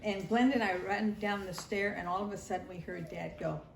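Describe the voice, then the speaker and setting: A woman's voice: mid-range voice, fairly even intonation, a little fast, gravelly. Older woman reminiscing in an echoey room. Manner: warm storytelling, nostalgic, acts out family voices. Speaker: grandmother sharing family memories. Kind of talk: recorded family interview. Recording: roomy echo, faint ambience.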